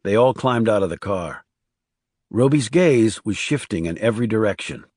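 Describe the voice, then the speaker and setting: A man narrating a crime thriller audiobook in a measured, even storytelling manner. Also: lowish voice, no room sound, studio quality. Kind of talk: scripted narration.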